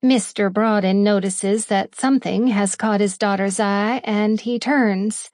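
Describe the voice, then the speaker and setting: An audiobook narrator reads a first-person romance slowly and playfully. Her medium-pitched voice is slightly mellow, recorded at studio quality with no room sound.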